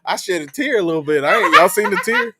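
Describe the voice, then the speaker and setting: A man's voice: high voice, lively intonation, fast talker, a loud crowd. Teasing podcast co-host man. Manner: teasing, banter. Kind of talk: casual chat.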